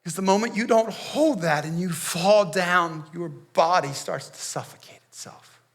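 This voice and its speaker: A man, a pastor, playing Barabbas in a dramatic first-person monologue, dropping to hushed near-whispers and rising to pleading outbursts, with sharp gasps between phrases. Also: high-pitched, moderate pace. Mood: hushed, grim. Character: Barabbas, a grown man, haunted and shaken.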